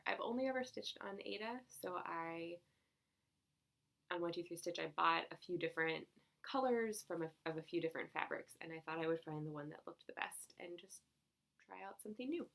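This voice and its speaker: A young woman vlogs about her stitching finds in a relaxed, rambling chat. Her voice sits low and carries a lot of vocal fry, and she breaks into giggles and fillers as she goes. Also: normal speed, long pauses. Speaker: cross-stitch vlogger. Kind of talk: casual chat.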